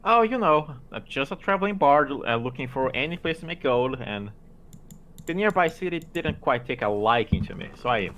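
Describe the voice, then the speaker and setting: A man's voice: mid-range voice, lively intonation, moderate pace, fairly bright tone. A man playing a bard in a tabletop game, hesitant and stammering, with a joking manner. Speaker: player.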